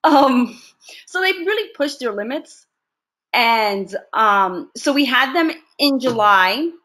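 Animated, laughing woman actress telling stories. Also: a little high, slow pace. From United States. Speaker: actress, interview guest. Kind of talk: casual interview storytelling.

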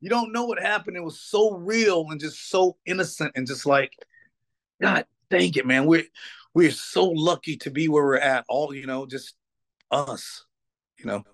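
A man's voice: a little high, unhurried. A middle-aged man, a band's singer, talking casually in an interview and telling heartfelt stories that move him close to tears. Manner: emotional storytelling, tearful at times, repeats "you know what I mean". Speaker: guest, metal band singer.

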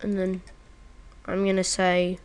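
A woman's voice: on the low side, monotone, slow, clean tone. Woman, casual gameplay commentator, chatty and playful. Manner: chatty and playful, talking to the viewer. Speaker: gaming video creator. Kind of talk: casual let's-play commentary.

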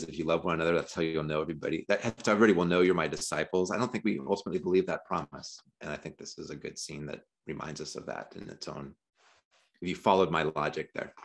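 A man's voice: low-pitched, quick pace. A man, a professor, talking through a theology discussion over a video call, reflective and dropping wry self-deprecating jokes. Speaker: seminary professor.

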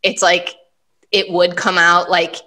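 A woman's voice: on the low side, flat delivery, takes it slowly, sharp tone. A woman hosting a casual podcast conversation, chatty and full of fillers, often acting out her own thoughts as quotes. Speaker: host, money and business mentor.

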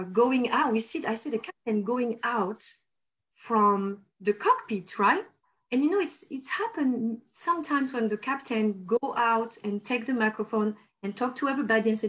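Animated woman telling a story. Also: fairly high pitch, low-quality recording. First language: French. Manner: animated, acts out quotes with laughs. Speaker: host. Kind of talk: casual storytelling chat.

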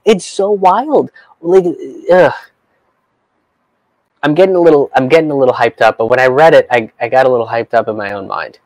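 A man's voice: mid-range voice, normal speed, dry recording, low-quality recording. A man giving a profane, incredulous rant while reading from an article. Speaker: comedian vlogger.

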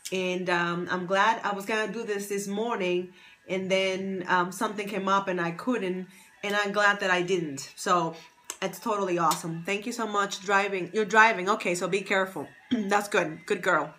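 Woman, casual live-stream host, bright tone, chatty and upbeat, welcomes viewers by name. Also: mid-range voice, steady tone, normal speed. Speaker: livestream host, fashion stylist and confidence coach. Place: at home near Boston. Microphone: phone.

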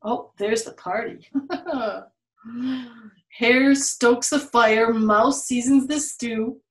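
A woman reading a picture book aloud to children at storytime, playful and animated, laughing often. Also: fairly high pitch, extremely slow, reverberant, low-quality recording. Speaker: children's museum storytime reader.

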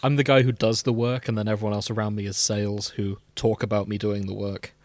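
A man's voice: lowish voice, level tone, fast, no room sound. A man co-hosting a podcast in casual chat, bantering and swearing with exasperation. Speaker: podcast co-host.

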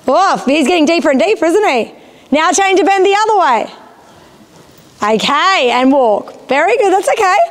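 A woman instructing a rider in a riding arena, encouraging and often checking that she understands. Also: very high voice. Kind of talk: live coaching of a rider.

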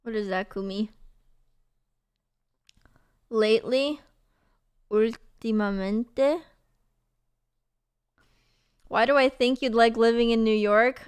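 A woman's voice: fairly high pitch, fairly even intonation, slow pace, pauses often, smooth. A young woman streaming, chatting casually and reading messages, bubbly and gushing with lots of fillers and laughs.

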